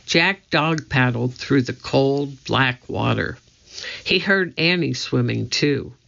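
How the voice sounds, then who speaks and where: An audiobook narrator giving a measured, deliberate storybook reading on a dull lo-fi recording. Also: medium pitch, gravelly, a bit bright.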